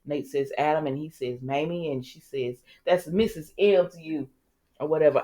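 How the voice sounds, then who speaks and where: With a deep voice and lively intonation, a woman recaps soap opera scenes at a moderate pace, addressing her viewers directly in a sassy, chatty tone. She performs the characters' dialogue as she goes.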